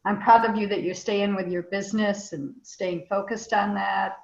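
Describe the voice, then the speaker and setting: A woman's voice: mid-range voice, fairly even intonation, moderate pace, gravelly. A woman on a video call giving heartfelt, affirming feedback, moved almost to tears. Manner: warm, affirming, emotional. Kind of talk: casual group video call. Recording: echoey room, dull video call audio.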